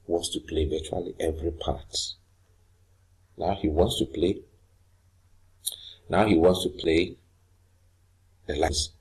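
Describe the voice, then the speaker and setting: Low, very husky male teacher. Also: a little mellow, rough recording. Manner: reads play lines slowly, then paraphrases them with hesitations. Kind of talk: literature lesson, reading and explaining a play.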